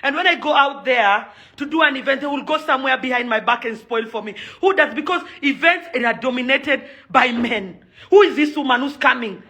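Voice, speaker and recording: A woman's voice: sits high, brisk, bright, forceful tone. A young woman with a Kenyan accent giving an angry, emphatic video rant and repeating her points. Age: young adult. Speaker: socialite and event organizer.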